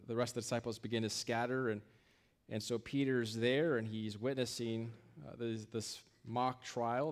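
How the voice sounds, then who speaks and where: A male pastor preaching a sermon in a conversational way, often restarting phrases and checking in with "right?". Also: mid-range voice.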